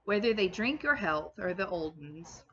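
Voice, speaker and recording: A gruff, blunt working man who was once a gravedigger, read aloud by a woman. His tone is dry and plain, with a bright edge. The recording is slightly dull and has a faint hiss. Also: medium pitch, animated, moderate pace. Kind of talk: read-aloud of a classic novel.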